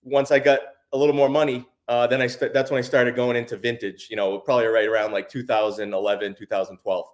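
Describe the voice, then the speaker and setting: A man talking casually as an interview guest, relaxed and rambling, with plenty of fillers and restarts. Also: medium pitch, quick pace, few pauses. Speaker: guest, sports card YouTuber.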